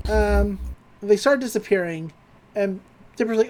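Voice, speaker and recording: A woman's voice: medium pitch, measured pace, warm tone. A woman co-hosting a podcast, chatty as she recaps a cartoon episode, laughing often and using plenty of fillers. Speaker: podcast co-host.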